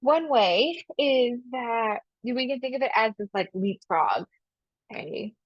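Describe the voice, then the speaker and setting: A woman's voice: fairly high pitch, lively intonation, slow pace, dry recording. Woman teaching math in a dull, dry recording. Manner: talks through steps aloud, asks and answers her own questions, repeats key phrases. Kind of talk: recorded video lesson.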